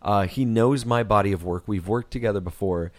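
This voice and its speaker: A man's voice: on the low side, brisk. A man co-hosting a podcast in casual chat, telling stories frankly with frequent restarts. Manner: candid, rambling storyteller with many restarts. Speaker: podcast co-host.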